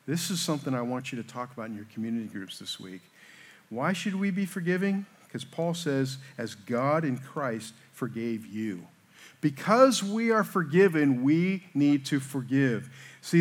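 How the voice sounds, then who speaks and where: A man delivers a sermon in a relaxed, conversational way. He keeps checking in with his listeners and makes light jokes at his own expense. His voice sits a little higher than most men's. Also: moderate pace. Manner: self-deprecating asides. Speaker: pastor.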